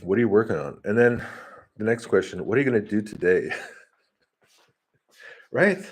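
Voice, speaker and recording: A man talks through his thoughts in a loose, rambling monologue, laughing often and breaking off to restart sentences. His voice sits fairly low and has a husky edge. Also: lively intonation, moderate pace. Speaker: vlogger. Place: home, talking to his dog.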